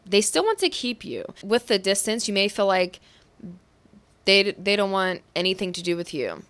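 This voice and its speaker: A young woman talks through a pick-a-card tarot reading in a gentle, reassuring way. She sounds affectionate and shares what she senses as she goes. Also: medium pitch, expressive, normal speed, smooth. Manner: intuitive, says what she hears or feels. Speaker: tarot reader.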